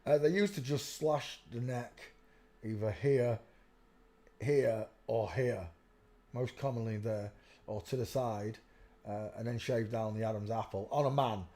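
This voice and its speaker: A man's voice: medium pitch, measured pace, warm tone. A man hosting a live stream, talking casually in a rambling way and often telling viewers to look at pictures. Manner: rambling, keeps saying "look" while pointing at pictures.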